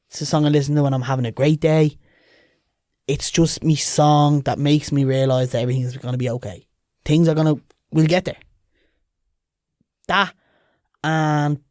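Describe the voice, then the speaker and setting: A Dublin man chats as a podcast guest, his voice sitting a touch high. His stories come out lively and loose, with plenty of swearing. The sound is close and dry, with no room in it. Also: normal speed, long pauses, no echo. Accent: Dublin Irish. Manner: lively, chatty, swears freely. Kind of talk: casual storytelling.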